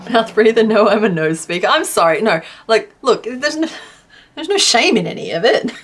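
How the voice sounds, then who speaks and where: A young adult woman from southwest Western Australia, speaking in that region's accent, crochets on a live stream while reading chat. Her voice is slightly high with lively intonation and a moderate pace, and she's casual and self-deprecating, laughing often.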